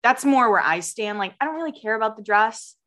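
A woman's voice: a little high, expressive, brisk, fairly bright tone. A woman co-hosting a podcast in casual chat, chatty, laughing easily and swearing freely. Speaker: podcast co-host.

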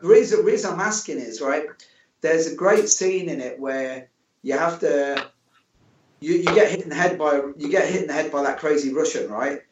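A man's voice: fairly high pitch, moderate pace, slight background noise. A man hosting a podcast interview, chatty and jokey, often repeating his words. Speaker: podcast host. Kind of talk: casual interview. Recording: distant, echoey, muffled room sound.

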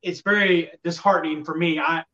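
A man's voice: on the high side, steady tone, fairly quick, sharp tone, recorded from a distance, highs cut off. A man co-hosting a casual sports talk show, rambling and exasperated about his team's fans. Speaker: podcast co-host.

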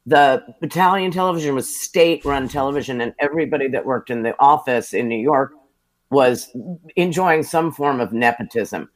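An American man, a television producer, sits for a relaxed interview and talks at an ordinary mid-range pitch. He tells his career stories with lively, self-deprecating humor, building each anecdote with an easy conversational flow. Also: moderate pace. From United States. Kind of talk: casual storytelling interview.

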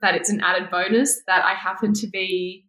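A woman's voice: mid-range voice, steady tone, moderate pace, bright, forceful tone, reverberant. A woman, a guest talking candidly in a casual interview and laughing often. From Australia. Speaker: guest, former pageant winner.

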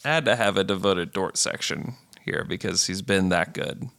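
A man's voice: sits low, normal speed, creaky, a bit bright. A man co-hosting a podcast, talking about a basketball player with an enthusiastic, casual manner and many fillers. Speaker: podcast co-host. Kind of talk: casual sports chat.

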